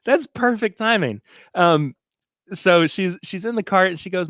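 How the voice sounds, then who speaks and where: A man's voice: high-pitched, animated, a little slow, a bit bright, dry recording. A man co-hosting a casual podcast livestream, telling stories with easy laughs. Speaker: podcast co-host.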